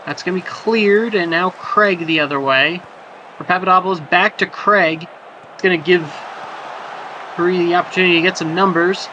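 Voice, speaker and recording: This is play-by-play commentary on a simulated soccer match from a man whose voice sits high and moves at a moderate pace. Between plays he rambles and cracks jokes, and he surges whenever a chance opens up. There's noise in the background.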